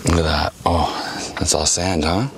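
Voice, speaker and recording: A man making a casual, excited travel vlog outdoors at a camel farm, gasping and exclaiming as he films. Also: low-pitched, a little slow, slight background noise. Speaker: travel vlogger.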